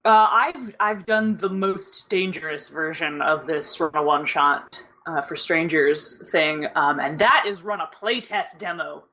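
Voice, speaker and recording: A woman's voice: deep voice, a little slow, sharp tone, slight background noise. A woman in her thirties hosting a podcast in casual chat, wry and self-mocking as she tells stories. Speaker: podcast host.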